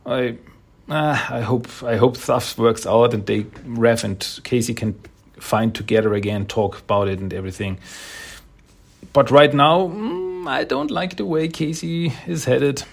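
Casual male comic reviewer, husky and hesitant, with a creaky voice. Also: medium pitch, unhurried. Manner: rambling, hesitant, chuckling.

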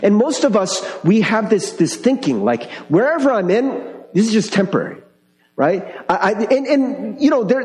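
A man's voice: high voice, darkish tone. A man preaching a sermon as pastor in a conversational way, often asking the congregation questions. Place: church sanctuary. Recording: echoey hall with long reverb.

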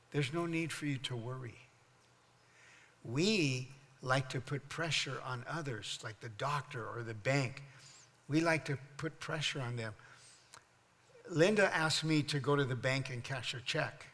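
An older man preaching a sermon as pastor, joking through a story and then building into loud, fervent preaching. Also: medium pitch. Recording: long hall reverb.

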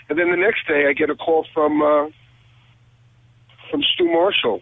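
A male guitarist guest telling stories over the phone, acting out quoted conversations with lively energy. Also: a little high, a little slow, creaky, long pauses, breathy edge, dry recording. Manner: animated, acts out quoted conversations. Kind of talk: phone interview storytelling. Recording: tinny phone line.

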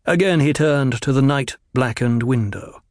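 This audiobook narrator is a man with a mid-range voice whose storytelling is calm, even, and measured. There's no echo, and the audio is studio quality.

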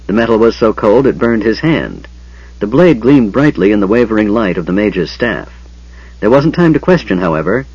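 A man narrates a fantasy story in a dramatic, expressive reading. His voice is low and husky. The recording is dry and dull, lo-fi. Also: no room sound. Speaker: audiobook narrator. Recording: dull lo-fi sound.

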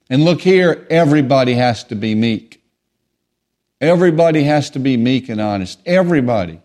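A man preaching a sermon, emphatic and repetitive, swinging between raised declarations and quiet asides. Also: medium pitch, lively intonation, moderate pace.

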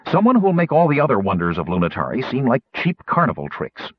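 Excitable gnome man, eager and knowing, voiced by a man narrator; dry, dull sound. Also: medium pitch, a little fast, husky, no room sound, pitched above the performer's own voice. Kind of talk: audiobook character voice. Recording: slightly muffled recording.

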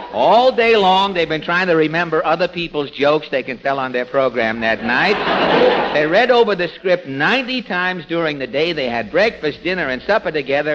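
A middle-aged man with a nasal twang, a radio comedian and master of ceremonies delivering dry, sharp wisecracks. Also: on the high side. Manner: dry sharp wit, wry asides. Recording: dull 1940s radio broadcast with faint noise.

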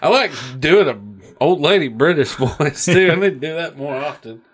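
A man's voice: fairly high pitch, expressive, normal speed, husky. A man co-hosting a podcast, casual chat, crude and joking, laughing often and swearing a lot. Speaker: podcast co-host.

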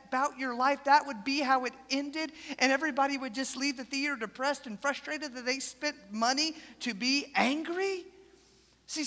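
A preacher delivering a sermon to a church, telling stories with dramatic swings between loud and soft. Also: sits high, long reverb tail. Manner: animated storytelling with dramatic swings in loudness.

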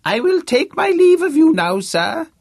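A man's voice: extremely high pitch, big pitch swings, normal speed, a bit bright, no echo, clean studio sound, voice pushed up, exaggerated voice. A man voicing a very old, deaf, blustering academic who bellows his lines pompously. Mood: bellowing. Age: older. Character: old deaf blustering male Vice-Chancellor impostor.

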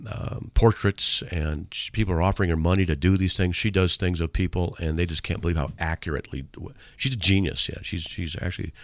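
Joking deep-voiced radio host man. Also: a little fast, few pauses, dry recording. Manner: joking, reads hate mail aloud in mocking voices. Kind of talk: casual radio chat. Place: radio studio. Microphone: studio mic.

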